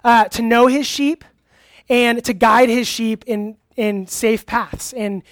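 Taking things slowly, a relaxed youth pastor at a middle pitch preaches an interactive sermon to a live church-hall crowd, frequently stopping for questions and answers. His talk is casual and chatty, full of fillers and easy laughter. The recording is close and dry, with hardly any room echo.

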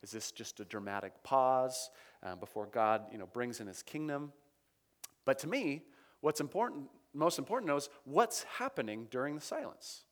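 Lively conversational male preacher. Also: mid-range voice, normal speed. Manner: conversational, checks in with listeners; reads scripture aloud with emphasis. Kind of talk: sermon teaching on scripture.

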